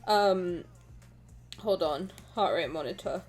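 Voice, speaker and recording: A woman's voice: medium pitch, lively intonation, moderate pace, fairly bright tone, soft background music. A woman streamer in casual live-stream chat, talking in a frantic, rambling, self-mocking way.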